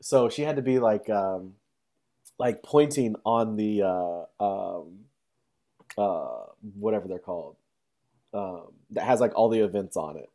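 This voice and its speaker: A young man telling a long story in a casual, rambling way, full of fillers, now and then acting out quotes in a high, exaggerated voice. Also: measured pace, warm tone.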